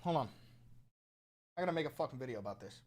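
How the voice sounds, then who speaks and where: A young man hosting a comedy commentary vlog, swinging from mumbled asides to shouted rants. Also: mid-range voice, lively intonation, fast, a little hiss or hum.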